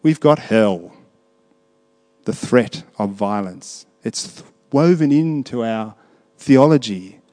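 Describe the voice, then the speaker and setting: A man preaching a sermon, moving between hushed reflection and raised, emphatic delivery, often putting questions to his congregation. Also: medium pitch, slow pace, long pauses. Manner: conversational, asks the congregation questions. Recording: long reverb of a large hall.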